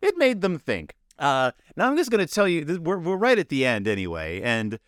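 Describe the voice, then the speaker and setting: Animated, rambling man with wry asides. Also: on the high side, fairly quick, clear, resonant tone, no room sound, studio quality. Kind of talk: comic book review commentary.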